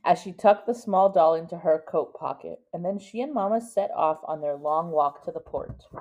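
Mellow woman reading a picture book aloud. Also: lowish voice. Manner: pauses to explain words to a child. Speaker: reader to a child. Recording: dull lo-fi recording.

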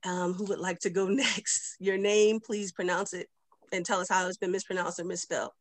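A woman's voice: on the low side, level tone, moderate pace, no echo. A woman hosting a virtual discussion club over a video call, chatting casually and laughing easily.

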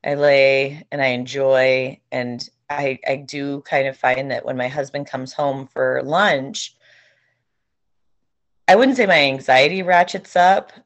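Woman, deep voice, podcast co-host, casual candid chat, occasional swearing. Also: fairly even intonation, takes it slowly.

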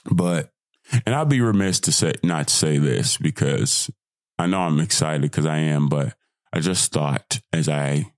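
A young man with a hoarse voice, hosting a casual solo podcast, bursting into excited shouts and dropping back into calm reflection. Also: a bass voice, no echo, clean studio sound. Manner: excitable, swings from hyped shouting to quiet reflection. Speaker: podcast host.

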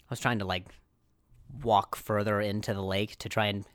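A man hosting a podcast, telling a comic story in an animated, self-deprecating way, laughing often and jumping into high put-on voices for quotes. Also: moderate pace, clear, resonant tone, dry recording, clean studio sound. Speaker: podcast host. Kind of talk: comedic storytelling.

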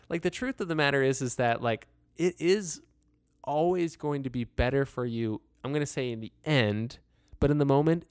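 Man, casual advice talk, earnest and rambling, crisp clear voice, mid pitch. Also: no room sound, studio quality. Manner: earnest and rambling, with frequent "like" fillers and laughs. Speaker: advice speaker.

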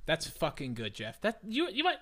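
Young man co-hosting a podcast, loud rants and self-mockery, bright tense tone, swinging pitch. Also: huge pitch swings, moderate pace. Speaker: podcast co-host. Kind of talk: casual podcast chat.

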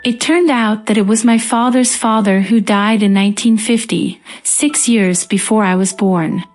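A woman reading a first-person ghost story as scripted narration in a calm, even manner. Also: mid-range voice, unhurried, soft background music.

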